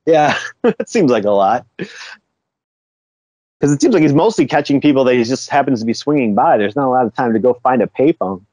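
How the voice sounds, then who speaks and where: A man's voice: mid-range voice, expressive, fairly quick, pauses often, a little mellow, no room sound. A man co-hosting a podcast, retelling a comic book story in loose, casual chat, chuckling often and swearing now and then. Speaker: podcast co-host.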